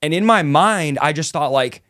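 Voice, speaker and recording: Casual, animated man telling a story. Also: fairly high pitch, normal speed, dry recording, studio quality. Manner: casual, animated, says "dude" and "like" often. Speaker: guest telling his testimony. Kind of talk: emotional storytelling in conversation.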